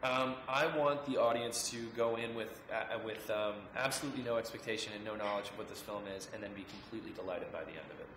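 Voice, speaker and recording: A man in his thirties, an actor answering interview questions in a friendly, halting way with many fillers and restarts. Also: lowish voice, a bit bright, a little hiss or hum. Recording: echoey room with background music.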